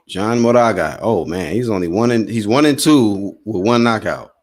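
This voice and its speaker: A man hosting a casual live boxing commentary stream, calling the punches in a slangy, excitable way and talking to his viewers. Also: fairly low pitch, moderate pace.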